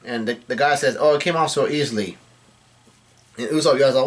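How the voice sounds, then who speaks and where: A man giving a casual read-through of a comic chapter, relaying the characters' lines in a plain voice and often correcting himself as he goes. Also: mid-range voice. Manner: halting, self-correcting delivery. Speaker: manga chapter recapper.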